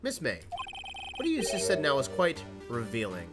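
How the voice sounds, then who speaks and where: A man's voice: mid-range voice, huge pitch swings, normal speed. A man voicing a cool, smug male prosecutor who talks down to his rival over game music. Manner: smug, mocking.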